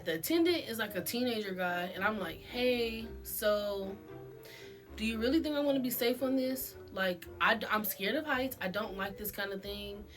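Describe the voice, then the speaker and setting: Chatty woman with a higher voice. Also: fairly bright tone. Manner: chatty and self-mocking, laughs often through the story. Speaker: vlogger. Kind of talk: casual storytime.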